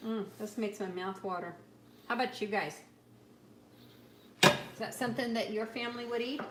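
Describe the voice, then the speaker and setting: A middle-aged woman giving a chatty, upbeat cooking demonstration and product pitch, talking straight to her viewers from a home kitchen. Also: normal speed, fairly bright tone, reverberant, distant mic, a little hiss or hum. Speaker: cooking demonstrator and sales consultant.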